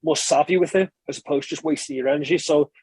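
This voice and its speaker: A man recounting his playing days in an easygoing, chatty interview. He talks quickly with a fairly high, slightly husky voice, swears freely and often restarts mid-sentence. The sound is dry and close to the mic. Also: steady tone, a little mellow, no echo. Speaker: former professional rugby player, interview guest. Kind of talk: casual conversational storytelling.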